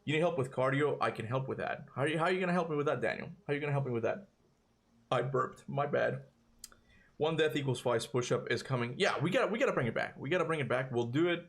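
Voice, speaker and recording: Gravelly, breathless male streamer. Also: medium pitch, fast, fairly bright tone. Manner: rambling, self-interrupting. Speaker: gaming streamer. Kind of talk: casual live-stream chat.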